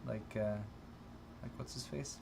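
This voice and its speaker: A man's voice: mid-range voice, vocal fry, slight background noise. A man co-hosting a tech live stream, chatting casually and reading out viewer donations in a lifted voice. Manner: loud, lifted voice for donor names, relaxed and halting in chat.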